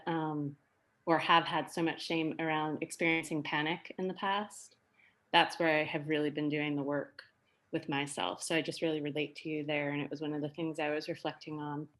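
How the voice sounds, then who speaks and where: Woman, group participant, earnest, reflective, lowish voice. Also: a bit bright. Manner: earnest, reflective, many fillers. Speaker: workshop participant. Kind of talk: casual sharing in a group.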